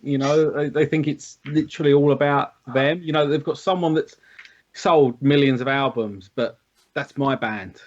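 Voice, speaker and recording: A man's voice: fairly high pitch, fairly even intonation, normal speed. A man who plays in a band, a guest on a podcast in casual chat, wry and laid-back, swearing casually. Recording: dull lo-fi podcast audio.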